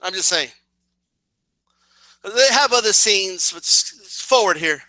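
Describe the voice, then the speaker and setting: A man in a casual comedic rant, profane and animated, who keeps asking "right?" to his listeners. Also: sits high, slow pace, dry recording. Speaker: vlogger.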